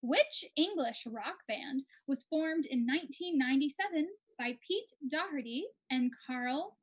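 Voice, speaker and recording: Bubbly american woman reading quiz questions, fairly high voice. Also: lively intonation, a little slow, poor audio. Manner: upbeat, enthusiastic. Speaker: quiz co-host. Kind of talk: casual online quiz hosting.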